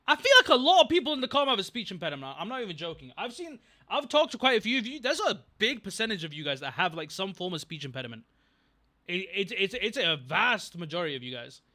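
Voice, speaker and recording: A man's voice: high voice, bright, forceful tone. A young man chatting casually on a livestream, rambling, getting distracted and thanking viewers from chat. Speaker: streamer.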